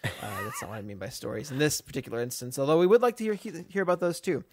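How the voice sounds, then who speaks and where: A man's voice: on the high side, sing-song, racing, dry recording, studio quality. A man co-hosting a podcast, talking casually in a rambling way with lots of fillers and restarts. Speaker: podcast co-host.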